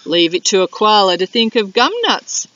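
A woman voicing a sleepy male koala with a high yawning drawl. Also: lively intonation, normal speed, fairly bright tone, no room sound, natural voice. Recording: dull lo-fi video sound.

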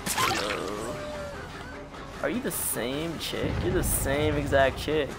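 A man's voice: a little high, a little slow, gravelly. A young man giving casual gameplay commentary, tired and exasperated, talking at the other players and laughing often. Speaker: gaming youtuber. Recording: music playing under the voice. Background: background music.

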